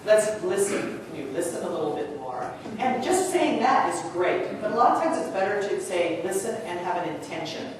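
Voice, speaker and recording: A woman's voice: lowish voice, a little fast, hardly any pauses. Distant woman coaching in an echoing hall. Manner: energetic, chatty, coaching with frequent asides. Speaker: choral clinician leading a workshop. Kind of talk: live workshop instruction to choir directors. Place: large conference hall. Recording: distant voice in a big echoing hall with room noise.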